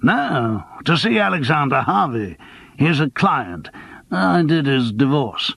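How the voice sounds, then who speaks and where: A man's voice: a little high, slow pace, creaky, dry recording, exaggerated voice. A man voicing a worldly, wry lawyer who is an old friend of the hero, in an audiobook. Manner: wry, teasing, lively. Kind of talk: audiobook character voice.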